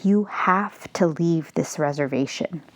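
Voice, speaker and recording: A woman's voice: medium pitch, expressive, unhurried, darkish tone, lightly acted. A woman reading the lines of an earnest, troubled middle-aged male teacher in an audiobook, urgent and pleading.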